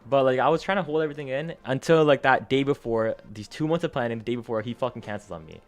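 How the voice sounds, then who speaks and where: A man's voice: medium pitch, fast talker. A young man telling a gaming story in a casual, rambling way, full of slang, swearing and fillers, his energy rising and falling. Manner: animated, jumps up and down in energy.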